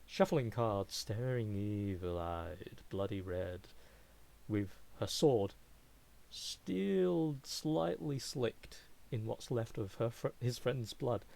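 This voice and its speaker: A man's voice: lowish voice, slow pace, creaky, poor audio. A man narrating as game master in a tabletop game, describing scenes vividly. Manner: lively, vivid, laughing narration.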